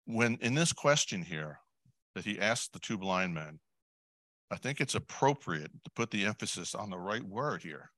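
A man preaching a sermon in a conversational way, putting questions to the congregation, adding asides and clearing his throat often. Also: lowish voice, animated, moderate pace, bright, forceful tone, dry recording. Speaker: lay preacher.

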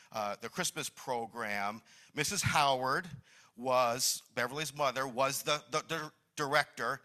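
A man's voice: medium pitch, sharp tone. A middle-aged man from New Jersey giving a reminiscing Mother's Day talk in a church hall, with many restarts. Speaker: church speaker.

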